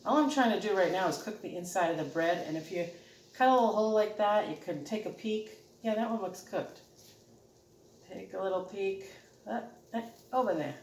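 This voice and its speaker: In an echoey home kitchen recorded from a distance, a middle-aged woman with a regional American accent gives a casual cooking demonstration for her channel. Her medium-pitched, slightly mellow voice moves at a moderate pace, chatty and homey with frequent laughter. Dishes and cutlery clatter, adding slight background noise.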